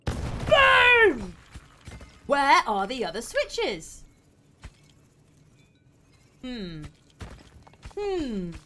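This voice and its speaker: A young woman hosts a live game stream with a high, bright voice that leaps up and down as she plays. She talks excitably, exclaiming and laughing through the action. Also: normal speed, a little hiss or hum. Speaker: streamer host. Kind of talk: live gameplay commentary.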